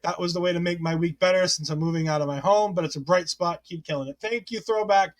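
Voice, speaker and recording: A man's voice: high-pitched, quick pace. A man hosting a casual wrestling recap podcast, chatty and often correcting himself mid-sentence. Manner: chatty, self-correcting, reads listener comments aloud. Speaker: podcast host.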